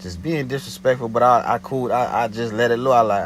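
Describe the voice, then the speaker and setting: A man's voice: mid-range voice, fairly even intonation, quick pace, slight background noise, rough recording. A man telling a story in a casual, slangy way, often checking "you know what I'm saying".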